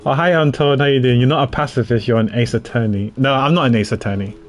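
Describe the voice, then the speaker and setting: A man's voice: mid-range voice, fast, faint music behind. Chatty self-mocking male streamer. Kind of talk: casual livestream commentary.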